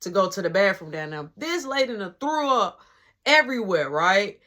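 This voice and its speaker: A young man telling a casual story, animated and swearing freely as he acts out what everyone said. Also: high voice, normal speed. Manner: animated, swearing, quoting others.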